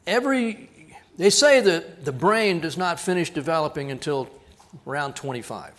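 High-voiced animated male pastor. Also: normal speed. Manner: animated storyteller, acts out quoted voices. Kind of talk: sermon storytelling. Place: church.

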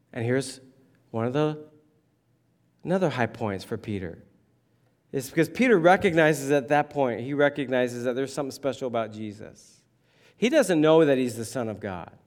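A man preaching a sermon as a pastor, telling a story with lively shifts and acting out the voices of those he quotes. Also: a little high.

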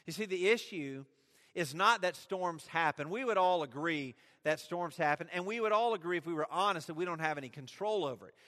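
A man's voice: fairly high pitch, expressive, a little fast, pushed and bright. A man preaching a sermon with emphasis, often asking his listeners questions. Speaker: pastor. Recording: long hall reverb.

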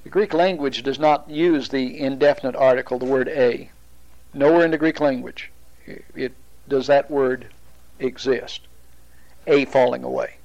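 A man teaching a Bible study, explaining at a deliberate pace with pauses and restarts. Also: medium pitch, a little mellow, highs cut off.

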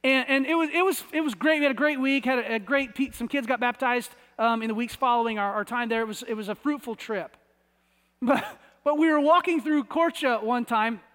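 A man's voice: extremely high pitch, brisk, a bit bright, clear, resonant tone, long reverb tail. A man from the United States preaching a sermon, conversational and often repeating words as he searches for the phrasing. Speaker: pastor.

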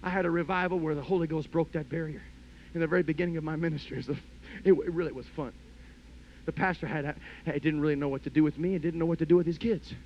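A man preaching a sermon as a story, talking conversationally with lots of "you know", and swinging between hushed and loud passages. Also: fairly high pitch, steady tone, quick pace, slight background noise. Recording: dull lo-fi podcast audio.

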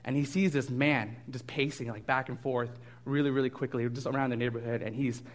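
A man giving a sermon as a guest preacher. He talks in a loose, conversational way, full of ums and restarts, and gets lively while telling stories. His voice has an ordinary, mid pitch. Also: a little fast. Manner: casual and animated, with frequent fillers and restarts. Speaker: guest pastor.

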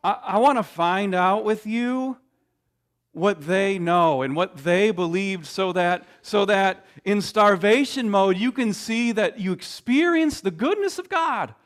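A man preaching a sermon, emphatic, with dramatic pauses and frequent restarts. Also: sits high, lively intonation. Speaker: pastor.

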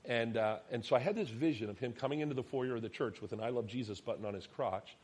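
A man in his thirties, a pastor preaching a sermon, telling a personal story and acting out the dialogue, dropping to soft, quiet tones at tender moments. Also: medium pitch, quick pace, breathy edge. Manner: animated storyteller, acts out quoted dialogue, drops to soft tones.

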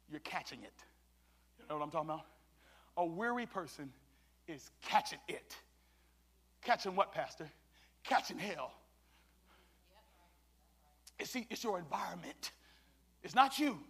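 Man, pastor, sermon, very high voice, bright tone, shouted call-and-response preaching. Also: breathy edge. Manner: preaching with call-and-response, swinging between shouts and hushed tones.

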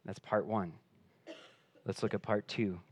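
A man preaching a sermon as pastor, earnest, rising in pitch and force for emphasis and then dropping quiet, often repeating words as he restarts. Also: steady tone, a little slow, husky, no echo.

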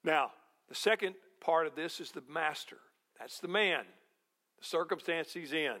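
A man preaching a sermon as pastor, slow and deliberate, posing rhetorical questions to the congregation. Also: on the high side, sharp tone.

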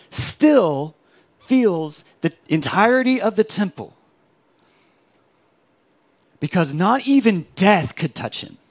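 High gravelly-voiced man preaching. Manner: animated, acts out voices of biblical figures. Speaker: pastor. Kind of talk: sermon.

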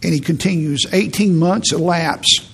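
Male pastor, middle-aged, earnest storyteller, husky and a bit high, reverberant sanctuary. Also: moderate pace. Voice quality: gravelly, husky. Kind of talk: sermon. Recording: long reverb in a large hall.

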